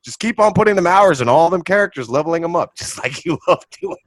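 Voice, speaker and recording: A man in casual conversation with a lively, swooping pitch and an emphatic, joking manner. He laughs easily and leans on "man" and "dude" as he talks. The recording is dry and close, with little room sound. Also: quick pace, no room sound. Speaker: podcast co-host. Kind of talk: casual chat.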